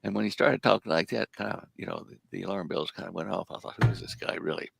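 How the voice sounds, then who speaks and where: With background noise behind him, an older man from the United States speaks fast in a low-pitched, gravelly voice. Being interviewed, he rambles through long anecdotes packed with hesitations, storytelling casually.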